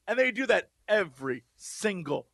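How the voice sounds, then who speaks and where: A man's voice: high-pitched, big pitch swings, moderate pace, creaky, a bit bright, no room sound, clean studio sound. A man co-hosting a podcast, chatting casually and acting out quotes in big voices. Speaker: podcast co-host. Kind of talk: casual chat.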